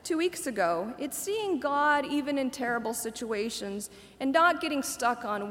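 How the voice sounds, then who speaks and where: Brief: woman preacher, forties, warm-humored sermon style, higher pitch, echoey sanctuary sound. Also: animated, moderate pace, few pauses. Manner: conversational, laughs at her own asides. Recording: echoey hall reverb.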